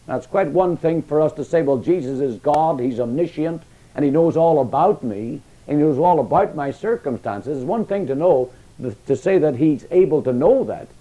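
Male preacher, sermon, mellow tone, slightly high voice, emphatic rises and hushed drops. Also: animated, moderate pace, lo-fi sound.

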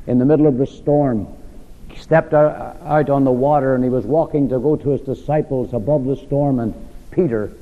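A man preaching to a Bible class, moving between hushed tender lines and rising, ringing emphasis, with slow drawn-out phrasing. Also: mid-range voice, long reverb tail, narrow, tinny audio. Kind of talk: sermon.

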